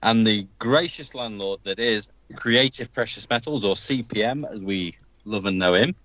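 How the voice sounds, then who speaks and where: Low-voiced Englishman, enthusiastic and dry-sounding. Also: normal speed, pushed and bright, dry recording, rough recording. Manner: enthusiastic, lavishly descriptive. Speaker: livestream co-host. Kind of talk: casual livestream chat.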